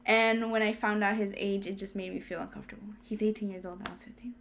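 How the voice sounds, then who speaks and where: A woman's voice: medium pitch, quick pace, crowd noise. A young woman co-hosting a podcast, telling a personal story in casual chat and acting out what people said. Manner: animated, laughs often, acts out quotes. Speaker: podcast co-host.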